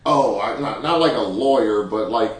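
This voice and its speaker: A relaxed man co-hosts a frank talk show, speaking casually with slang and easy laughter in a lowish voice. He sits far from the mic in a very echoey room with faint background noise. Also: normal speed. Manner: relaxed, laid-back slang, laughs easily. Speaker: podcast co-host. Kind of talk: candid couple's chat.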